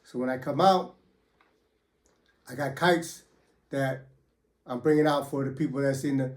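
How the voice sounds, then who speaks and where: A man's voice: medium pitch, measured pace. A man who was once a federal prisoner tells his stories in casual first person, with profane street slang and many fillers.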